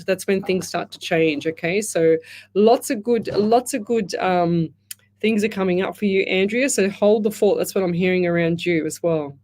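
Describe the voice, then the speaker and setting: A woman's voice: mid-range voice, a little mellow. A woman hosting a live radio show as a psychic medium, chatting in a rambling way and greeting listeners by name over a headset mic. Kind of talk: live radio chat, reading out listener comments. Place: radio studio.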